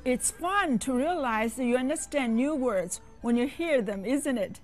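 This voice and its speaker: A woman teaching beginner phrases in a clear, instructive scripted lesson. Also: high voice, animated, unhurried, soft background music. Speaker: language teacher.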